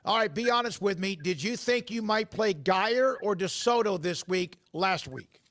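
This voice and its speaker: A man hosting a high school football show, asking a coach brisk, direct questions. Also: expressive, a bit bright. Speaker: sports show host. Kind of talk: interviewing a guest.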